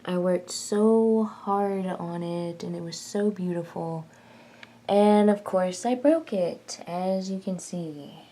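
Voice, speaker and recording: A woman's voice: lowish voice, takes it slowly, dark tone. A woman vlogging in a casual chat, rambling and self-mocking as she tinkers and jokes.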